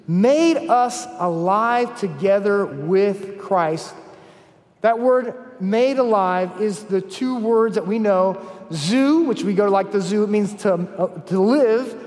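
High-voiced preacher in a reverberant hall. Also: male voice, a little mellow. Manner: emphatic, repeats key phrases, tells stories. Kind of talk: sermon. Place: large conference hall.

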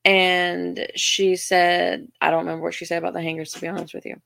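A woman's voice: lowish voice, flat delivery, brisk, gravelly, fairly bright tone, no room sound, clean studio sound. A young woman with a Southern US accent hosting her own podcast, telling stories in a chatty, self-deprecating way with lots of restarts. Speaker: podcast host. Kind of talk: casual storytelling monologue.

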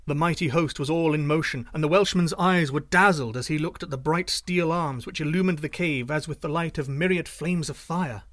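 A man narrating a folk tale in an expressive, dramatic reading. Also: fairly high pitch, normal speed, few pauses, dry recording, clean studio sound. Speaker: storyteller. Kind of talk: scripted narration.

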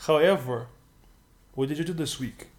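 A man teaching a language on a casual podcast. He talks easily and patiently, slows down to model words carefully, then explains how each one works. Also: a little high. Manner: patient, corrects and explains pronunciation slowly. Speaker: Russian tutor and podcast co-host. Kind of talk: casual language-lesson chat.

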